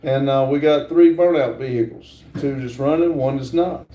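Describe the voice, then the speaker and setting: A man hosting a casual livestream, reading viewer comments aloud in a halting drawl from a garage workshop. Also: medium pitch, warm tone, reverberant, low-quality recording. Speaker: livestream host reading chat.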